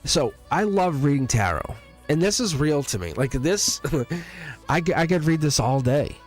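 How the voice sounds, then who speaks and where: A man's voice: fairly high pitch, animated, a little slow, soft background music. A man hosting a live tarot stream in casual chat, talking in an earnest, rambling way with many fillers and restarts and frequent laughs. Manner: laughs often between thoughts. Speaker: tarot reader hosting a livestream.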